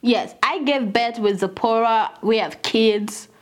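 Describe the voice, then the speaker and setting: A woman's voice: a little high, takes it slowly, pitched below the performer's own voice. A woman voicing an exasperated male Moses in a casual, indignant, reasoning way during a sermon.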